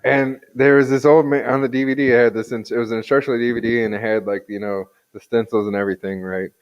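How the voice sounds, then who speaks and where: A man's voice: medium pitch, fairly even intonation, fast, smooth, lo-fi sound. A man who is a podcast guest, chatting casually and rambling through anecdotes.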